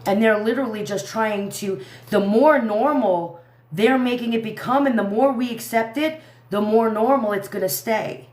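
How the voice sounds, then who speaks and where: A woman's voice: a little high, moderate pace. Fired-up woman ranting with echoey sound. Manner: heated, ranting, swearing, trailing off and restarting. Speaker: livestream host. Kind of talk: angry live commentary.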